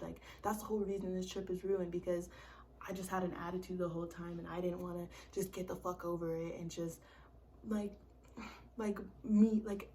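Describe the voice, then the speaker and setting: Gravelly young woman telling a story, casual. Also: mid-range voice, darkish tone, far from the mic, slight background noise. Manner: blunt and profane, constant "like" and "bro", drops to whispers. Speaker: vlogger.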